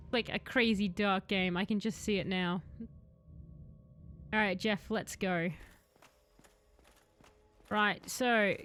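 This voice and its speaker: Bright-voiced woman streamer. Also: medium pitch. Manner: sarcastic, rambling tangents. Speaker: game streamer. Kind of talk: casual gameplay commentary.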